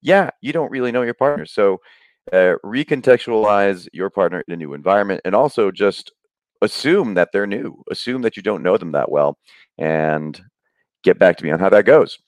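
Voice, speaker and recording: A middle-aged man with a deep, low-pitched voice guests on a podcast, explaining ideas through anecdotes. He animates his stories by acting out the voices of the people in them. The sound is dry and close, with no room echo. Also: moderate pace. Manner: animated storyteller, acts out quoted voices. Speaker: guest speaker on happiness.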